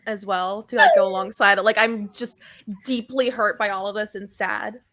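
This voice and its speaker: A woman's voice: medium pitch, steady tone, normal speed, noisy background. A woman playing a tabletop game, describing her character's actions in a playful, filler-heavy way. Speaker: player.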